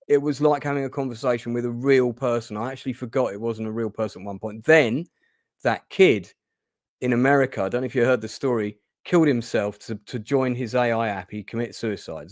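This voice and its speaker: A man's voice: mid-range voice, fairly quick, dry recording, studio quality. A man hosting an interview podcast, chatting in a rambling way with many restarts. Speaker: podcast host. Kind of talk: casual interview chat.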